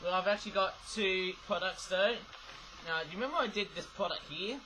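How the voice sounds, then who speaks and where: A man's voice: high voice, fairly quick, background noise. A man casually reviewing toys on his own channel, rambling and tacking "though, eh?" onto his sentences. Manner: rambling, keeps adding "though, eh?". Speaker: toy reviewer. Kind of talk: casual toy review vlog. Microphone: webcam.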